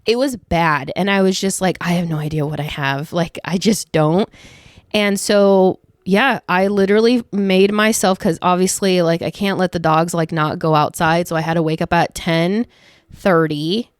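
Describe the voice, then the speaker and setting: A woman's voice: on the low side, normal speed, clean tone, dry recording, studio quality. A young woman vlogger chatting casually to her viewers, telling a story with lots of fillers and quoted asides. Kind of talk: casual chat to camera.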